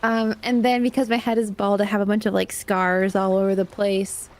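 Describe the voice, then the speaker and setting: A woman player describing her character in a loose, chatty way. Her voice is mid-pitched, casual and quick to laugh. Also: little pitch movement. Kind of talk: casual chat.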